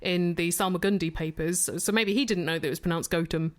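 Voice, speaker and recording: A woman's voice: on the low side, fairly even intonation, quick pace. A woman co-hosting a podcast, chatting casually with playful, bookish teasing. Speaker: podcast co-host. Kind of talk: casual chat.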